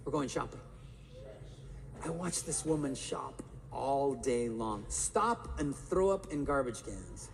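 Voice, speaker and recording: A man giving an energetic live talk to an audience in a large hall, firing rhetorical questions at the crowd. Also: medium pitch, slow, creaky, hardly any pauses. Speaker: motivational speaker. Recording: reverberant live hall, faint room noise.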